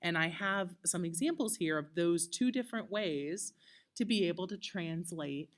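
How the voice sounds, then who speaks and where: A woman's voice: fairly low pitch, lively intonation, moderate pace. A woman teaching a recorded lesson, talking conversationally with many fillers and checking in with "okay?" often. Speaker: Latin teacher. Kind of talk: recorded lecture.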